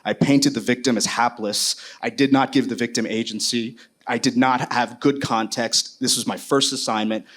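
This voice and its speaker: A man's voice: medium pitch, steady tone, normal speed, a bit bright. A man speaking as a war correspondent on a panel, telling his story candidly and casually, with many fillers and restarts.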